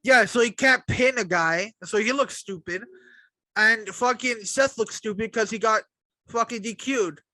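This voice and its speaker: High-voiced blunt podcast guy. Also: measured pace, sharp tone, no room sound. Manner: blunt, exasperated, swears. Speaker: podcast co-host. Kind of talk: casual wrestling chat.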